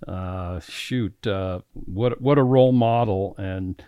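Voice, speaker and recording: A male radio host asks questions in a folksy, unhurried, halting way. His voice is on the low side. The recording is dry and close. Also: smooth, no room sound, lo-fi sound. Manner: folksy and halting, with many fillers. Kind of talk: conversational radio interview.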